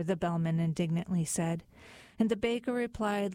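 Woman reciting poetry in a mellow voice. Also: on the low side, no room sound. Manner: measured, rhythmic recitation. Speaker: reader. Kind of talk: poetry reading aloud.

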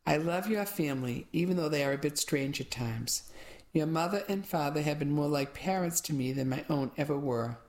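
A woman's voice: sits low, expressive, normal speed, darkish tone. A woman voicing a wry, affectionate young husband.

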